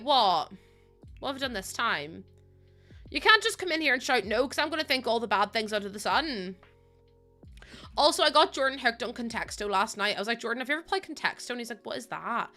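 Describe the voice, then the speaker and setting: A woman's voice: a little high, expressive, fairly quick, pushed and bright, soft background music. A woman with a Northern Irish accent, chatting casually to her viewers while building in a game, laughing often. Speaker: streamer.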